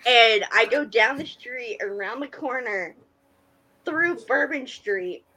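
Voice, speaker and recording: A woman's voice: a little high, animated, slow pace, crowd noise, rough recording. A woman co-hosting a casual podcast chat, telling a story with lots of energy, acting out the dialogue and swearing freely. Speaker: podcast co-host.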